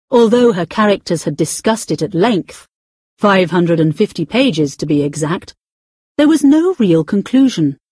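A woman narrates a novel in a breathy, slightly husky voice with a lively, rising and falling pitch. She leans on key words and stretches them out. The recording is close and dry. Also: dry recording. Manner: expressive, with drawn-out emphasis. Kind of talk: scripted audiobook narration.

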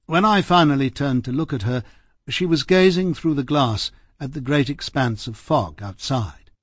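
A man narrating an audiobook in the first person, formal, measured and precise. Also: medium pitch, slightly rough, dry recording, clean studio sound.

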